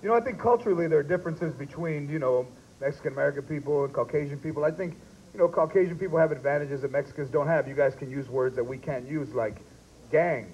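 A man doing a live stand-up comedy set, punchy and quick, slipping into voiced characters. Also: on the high side, darkish tone. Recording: dull lo-fi live recording with faint hiss.

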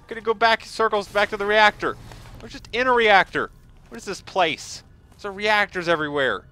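A man giving excitable let's-play commentary over a game, yelping and gushing over every find. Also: sits high, smooth. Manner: excitable, yelps and gushes over finds. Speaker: gaming video host.

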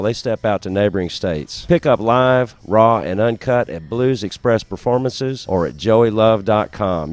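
A man reading a scripted promotional voice-over for a record in an upbeat selling tone. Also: on the low side. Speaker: ad announcer.

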